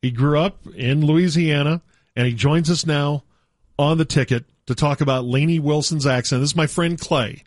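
A man hosting a radio talk show, arguing his point in an animated, casual way. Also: on the high side, normal speed, no room sound, studio quality. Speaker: radio sports talk host. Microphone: studio mic.

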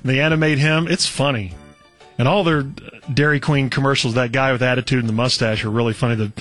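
A man's voice: medium pitch, steady tone, brisk, fairly bright tone, soft background music. A man co-hosting a radio show, chatting with enthusiasm. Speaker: radio co-host. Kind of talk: casual radio chat.

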